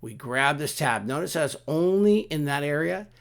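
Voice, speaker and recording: Gravelly man walking through software steps. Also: a little high, normal speed. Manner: relaxed, talks through each click, frequent restarts and asides. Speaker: software tutorial instructor. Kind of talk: screen-recorded software walkthrough.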